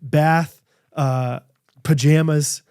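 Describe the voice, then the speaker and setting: Thirties guy rambling on a podcast mic, mellow tone, kinda high voice. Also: drawn-out words, smooth, dry recording, studio quality. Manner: rambling, animated storytelling with fillers. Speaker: podcast co-host. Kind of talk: casual chat with ad reads.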